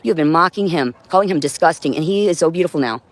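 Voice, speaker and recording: This livestream host talks quickly in a low-sitting voice, addressing her viewers from inside her home alongside a cat. Her monologue wanders, runs hot, and is full of swearing.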